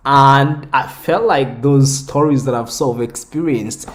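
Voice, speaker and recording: A young man from the Democratic Republic of the Congo, a comic book creator, telling stories in a casual interview with lots of restarts and fillers. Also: a little high. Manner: storytelling, animated, frequent restarts and fillers.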